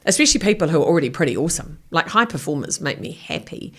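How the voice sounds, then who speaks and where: Energetic blunt woman, lowish voice. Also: rapid-fire. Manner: energetic, blunt, acts out quoted exchanges. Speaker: guest, author and keynote speaker. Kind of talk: casual interview chat.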